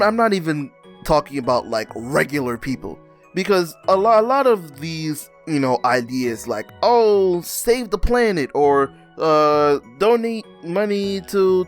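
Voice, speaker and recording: A young man recapping a comic in a casual, animated, slangy way, often laughing as he rants. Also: on the high side. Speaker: comic reviewer.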